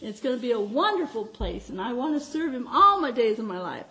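A middle-aged woman preaching to her congregation with a high voice. She tells her stories warmly and with feeling, her voice lifting and sinking, and she often breaks into laughter. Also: a little fast. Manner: heartfelt, animated storytelling with frequent laughs. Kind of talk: sermon with personal stories.

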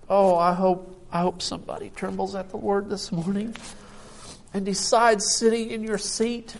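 A man's voice: sits high, flat delivery, moderate pace, gravelly. An older man preaching a sermon, emotional and tired, reading scripture aloud with rising emphasis. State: tired from little sleep.

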